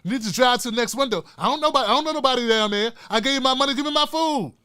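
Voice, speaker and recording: A man's voice: very high voice, racing, pushed and bright, clean tone. An older man hosting a profane, fiery political rant with a preacher-like cadence. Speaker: political commentator host. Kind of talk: ranting political commentary.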